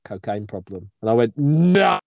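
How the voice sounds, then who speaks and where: A man's voice: a little high, sing-song, normal speed, no room sound, lo-fi sound. A man, a comedian co-hosting a podcast, chatting wryly about old gigs and laughing often. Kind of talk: casual chat telling stories.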